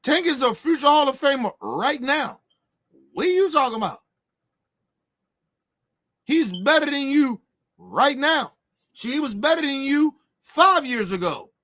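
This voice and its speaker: Man, AAVE, high animated voice, brash and profane opinion rant on boxing. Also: unhurried, pauses often. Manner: brash, profane, mocking, emphatic. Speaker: boxing commentator.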